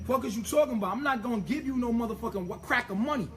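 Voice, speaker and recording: A man's voice: very high voice, rapid-fire, slight background noise. A man delivering an impassioned, profane monologue, emphatic and ranting, tripping over repeated words as he pushes his point.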